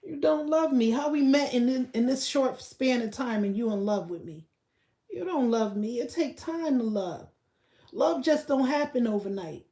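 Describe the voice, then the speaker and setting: A woman rants on a livestream and talks straight to her chat, blunt and profane. Her voice sits a little high but has a mellow, soft edge. The room around her is echoey. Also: expressive, moderate pace. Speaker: livestream host. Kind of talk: casual livestream rant.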